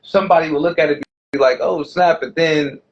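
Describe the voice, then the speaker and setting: A man's voice: on the high side, fast, dull audio. A man co-hosting a podcast in casual chat, rambling and often restarting, with "you know what I mean" fillers. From USA. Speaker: podcast co-host.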